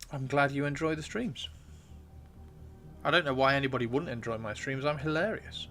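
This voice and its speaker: A man's voice: fairly high pitch, fairly even intonation, normal speed, a bit bright. A man streaming live, chatting casually and joking as he reads out viewer messages, his throat a bit worn from talking. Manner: chatty, joking, self-mocking. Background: faint video game music.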